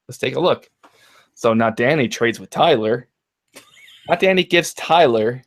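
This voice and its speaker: A man co-hosting a casual fantasy football podcast, ranting in an animated, profane way. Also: medium pitch. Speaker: podcast co-host.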